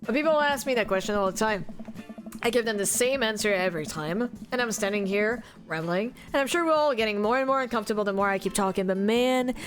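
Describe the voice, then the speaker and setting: A woman's voice: mid-range voice, lively intonation, fast talker, faint music behind, lightly acted. A woman voicing an awkward male coffee shop barista who rambles nervously in a video game. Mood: nervous rambling.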